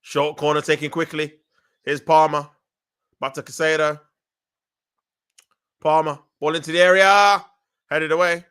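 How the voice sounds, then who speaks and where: A man giving excitable, emotional live commentary on a football match, groaning and shouting at the action in slangy talk. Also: fairly high pitch, unhurried, long pauses, clear, resonant tone. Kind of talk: excitable fan watch-along commentary.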